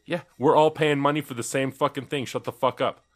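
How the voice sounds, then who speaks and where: A man's voice: mid-range voice, brisk. A man co-hosting a casual podcast, telling a story with acted-out quotes and plenty of swearing. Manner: animated storyteller, acts out quotes, swears freely. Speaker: podcast co-host. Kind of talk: casual chat.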